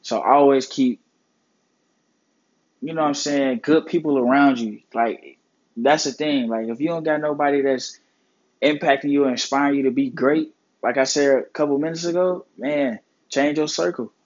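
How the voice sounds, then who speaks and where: A man's voice: medium pitch, normal speed, muffled recording. A man hosting his own podcast, talking earnestly and casually about life and mental health, with plenty of swearing and slang. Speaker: podcast host. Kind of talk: casual motivational talk.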